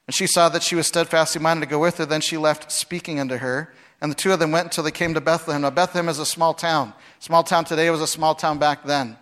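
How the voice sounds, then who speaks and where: Middle-aged male preacher, casual and humorous, fond of rhetorical questions, slightly high voice. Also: steady tone, quick pace, hardly any pauses, fairly bright tone. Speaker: pastor. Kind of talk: conversational sermon with scripture reading.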